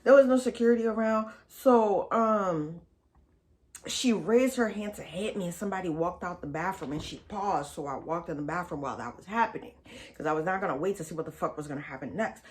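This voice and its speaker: A woman's voice: lowish voice, fairly quick. A woman vlogger telling a storytime in a casual, blunt and profane, chatty way.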